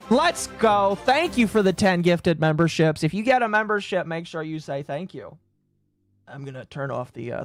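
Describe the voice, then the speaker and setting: A woman's voice: low-pitched, dry recording. A woman from the United States streaming reaction commentary in a brash, crude, mocking way, swearing often.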